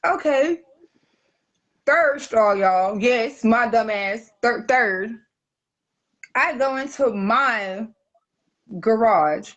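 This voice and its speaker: A woman telling a personal story in casual podcast chat, profane and animated. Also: fairly high pitch, very slow, pauses often, lo-fi sound. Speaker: guest.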